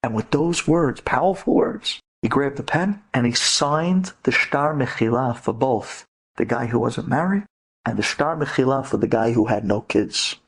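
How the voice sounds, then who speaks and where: A man, a rabbi, giving an inspirational storytelling lecture to women, dramatic and prone to loud, emphatic bursts. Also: medium pitch, normal speed, gravelly, slightly rough.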